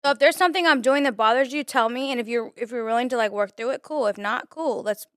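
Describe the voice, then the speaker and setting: A woman's voice: a little high, fast talker, fairly bright tone, clear, resonant tone, dry recording, clean studio sound. A young woman chatting casually on a podcast as a guest, earnest and talkative, saying "like" often. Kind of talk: casual chat.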